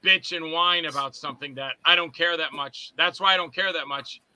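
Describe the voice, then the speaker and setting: A man's voice: on the high side, a little fast, sharp tone, no echo, low-quality recording. A man guesting on a podcast, a filmmaker telling rambling anecdotes about his movies and acting out scenes in character voices. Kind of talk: casual anecdotes.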